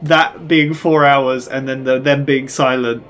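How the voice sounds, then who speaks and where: A man's voice: medium pitch, fairly even intonation, unhurried, a bit bright, soft background music. A man co-hosting a reaction video, chatting casually and laughing often as he retells scenes. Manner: laughs often, acts out characters' lines in quotes.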